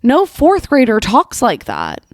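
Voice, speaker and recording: A young woman hosts a comedic monologue, reacting to absurd posts with exasperated disbelief and rapid rhetorical questions. Her voice sits at a middling pitch and sounds close and dry, with no room around it. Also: wildly swooping pitch, dry recording. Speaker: podcast host. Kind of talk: comedic commentary reading posts aloud.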